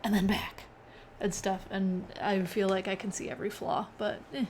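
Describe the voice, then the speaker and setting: A woman's voice: mid-range voice, little pitch movement, moderate pace, noisy background. A young woman hosting a casual live-coding stream, chatting with viewers and often laughing. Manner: chatty, reads chat aloud, laughs often.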